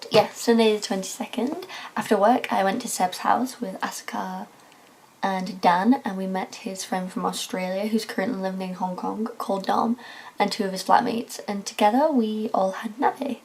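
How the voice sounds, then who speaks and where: A young English woman talking casually in a video diary, gushing and excitable, often sighing and sometimes dropping to a hushed near-whisper. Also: medium pitch, a little slow, creaky. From England. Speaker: vlogger.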